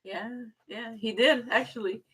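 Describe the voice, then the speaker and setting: A bright, sharp-toned woman in her forties hosts a casual live stream. She teases and scolds her husband playfully and laughs often. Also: fairly high pitch, measured pace, breathy edge, rough recording. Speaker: host interviewing her husband. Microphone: phone or computer mic for a live stream.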